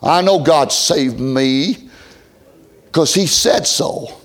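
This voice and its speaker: A middle-aged man preaching a revival sermon, folksy, swinging from loud shouts to hushed near-whispers. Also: on the high side, very slow. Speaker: pastor.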